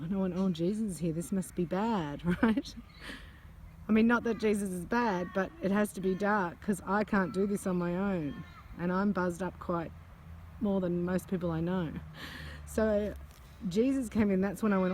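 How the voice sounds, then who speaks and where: A woman and psychic channeler, telling a personal story in a chatty, animated way outdoors. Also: medium pitch, moderate pace, a little hiss or hum. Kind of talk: casual storytelling vlog. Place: outdoors among butterflies.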